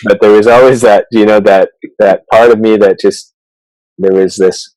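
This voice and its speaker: A man, a chiropractor, telling stories in a casual interview, halting with many restarts and fillers. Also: lowish voice, fairly even intonation, a little mellow, no room sound, rough recording. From Canada. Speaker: chiropractor guest.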